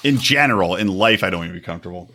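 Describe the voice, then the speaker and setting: A man's voice: deep voice, lively intonation, racing, pushed and bright. A man hosting a podcast, telling profane stories and teasing his co-host, laughing often. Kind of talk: crude casual banter.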